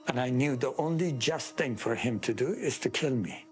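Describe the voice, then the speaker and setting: A man from Iran, giving an earnest, deliberate personal testimony in an interview. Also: mid-range voice, animated, faint music behind.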